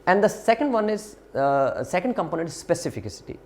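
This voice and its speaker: A man lecturing to a university class, explaining slowly with frequent fillers, restarts and repeated phrases. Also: sits high, sing-song. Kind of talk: recorded lecture.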